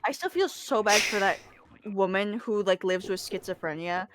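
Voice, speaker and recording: A woman's voice: medium pitch, moderate pace, a bit bright. A woman playing a game with a streamer, chatting casually in a blunt, exasperated way with casual swearing. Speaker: co-player on a stream. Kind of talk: casual chat while gaming.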